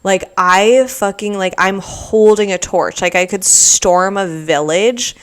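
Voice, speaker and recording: A woman's voice: medium pitch, takes it slowly, clear, resonant tone. A young woman hosting her own podcast, rambling casually with lots of "like" and sarcastic asides. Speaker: podcast host. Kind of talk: casual solo podcast chat.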